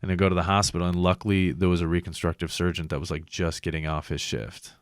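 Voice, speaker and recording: Brief: podcast host, man with a very deep voice, dry close sound, rambling and profane. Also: little pitch movement, fast talker, no echo. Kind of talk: casual chat.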